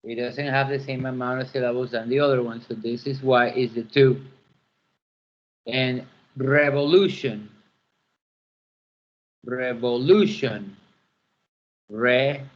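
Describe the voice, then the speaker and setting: A man's voice: mid-range voice, fairly even intonation, moderate pace. A man teaching an English pronunciation lesson, repeating words to model their stress. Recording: dull lo-fi classroom recording.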